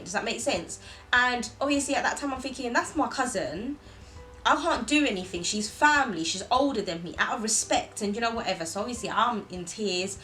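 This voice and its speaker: A woman's voice: mid-range voice, rough recording. A young woman, chatting to camera and telling a personal story, acting out what others said. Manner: chatty, animated quoting of others. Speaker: vlogger. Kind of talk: casual storytelling chat to camera.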